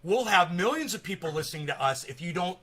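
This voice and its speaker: A man's voice: high voice, big pitch swings, fast, a bit bright. A man hosting a casual live-stream interview, talking in a chatty, rambling, opinionated way.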